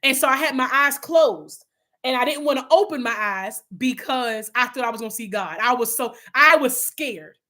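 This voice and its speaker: High, bright-voiced woman leading Bible study. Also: lively intonation, moderate pace. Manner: heartfelt, earnest, addresses listeners as y'all; rambling with frequent restarts. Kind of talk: casual spiritual talk to viewers.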